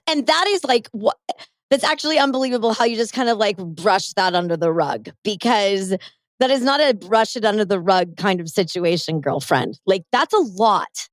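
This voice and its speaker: A woman's voice: mid-range voice, animated, moderate pace, dry recording, clean studio sound. A woman hosting a podcast interview, joking and blunt, with casual swearing. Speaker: podcast host.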